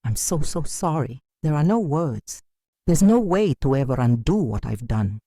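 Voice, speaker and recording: A woman's voice: sits low, sing-song, normal speed, dark tone, dry recording, clean studio sound. A woman narrator voicing a tearful young woman full of remorse, pleading in a broken voice. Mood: desperate.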